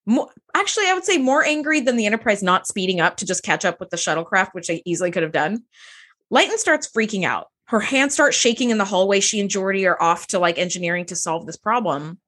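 A woman co-hosting a casual chat show, animated and given to acting out characters' lines, with casual swearing. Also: medium pitch, quick pace. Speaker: podcast co-host.

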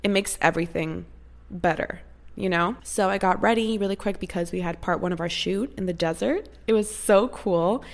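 Young woman, vlogger, casual storytime chat, gushing and rambly, vocal fry. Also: on the low side, normal speed. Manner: chatty, gushing, rambling with many fillers.

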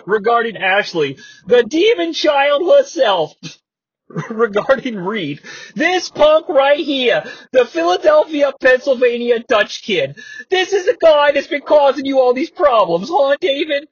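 A man's voice: very high voice, very animated, measured pace, no room sound. A man hosting a podcast, recapping old wrestling with wry humor, frequent laughter and rambling asides. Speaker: podcast host. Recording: dry, slightly muffled podcast mic.

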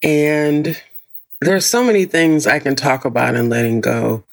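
A woman hosting a podcast, talking casually in a deep morning voice and laughing often. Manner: warm, chatty, laughs often, slow deliberate phrasing. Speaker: podcast host. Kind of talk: casual solo podcast talk.

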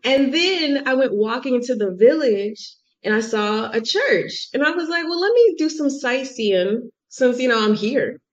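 A young American woman telling a travel story in a podcast interview, chatty and animated, full of "like" and acted-out quotes. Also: sits high, measured pace, hardly any pauses. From United States. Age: young adult. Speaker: guest. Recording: muffled lo-fi audio.

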